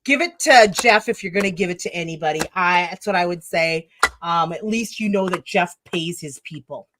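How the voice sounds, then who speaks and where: A woman's voice: on the low side, moderate pace, fairly bright tone, a little hiss or hum. A woman hosting a casual livestream chat, talking loosely and offhand with guests and laughing easily. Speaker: livestream host.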